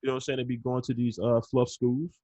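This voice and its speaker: Podcast co-host, male, mid-pitched, laid-back rambling delivery, dry close mic. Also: level tone, fast talker, dark tone, dry recording. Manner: conversational, frequent "you know what I'm saying", repeats words. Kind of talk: casual sports talk.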